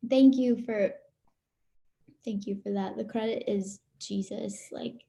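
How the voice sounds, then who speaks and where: A woman host on a video call, speaking softly as though near tears. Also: medium pitch, steady tone, slow pace, vocal fry. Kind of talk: emotional interview reply.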